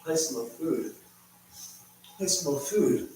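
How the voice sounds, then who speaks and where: A man's voice: a little high, animated, very slow, mellow, slight background noise. A man putting on a whiny begging old dog. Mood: pleading. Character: old hungry male dog, whiny and pleading. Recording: echoey room from far off, faint ambience.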